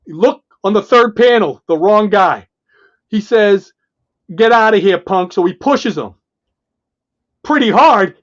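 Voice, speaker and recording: A man co-hosting a podcast, casually and excitedly walking through comic book pages and acting out the characters' lines. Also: high-pitched, highs cut off. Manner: excited, retells panels and acts out the dialogue in quick bits. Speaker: podcast co-host.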